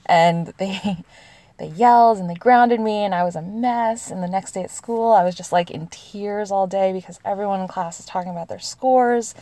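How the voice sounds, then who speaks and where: With a mid-range, dark-toned voice at normal speed, this American woman in her thirties shares personal stories in a dry recording. Answering questions in a casual confessional style, she chats, laughs frequently, and leans heavily on "like."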